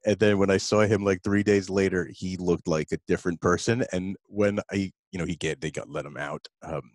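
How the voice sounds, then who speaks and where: A man's voice: low voice, steady tone, fairly quick, dry recording. A man co-hosting a podcast, joking and laughing often in casual chat. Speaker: co-host. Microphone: video call.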